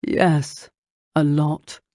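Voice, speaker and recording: A woman's voice: little pitch movement, drawn-out words, dark tone, no echo, clean studio sound. A woman voicing a teasing young nobleman. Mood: murmuring. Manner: teasing, low murmuring delivery. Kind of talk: audiobook character voicing.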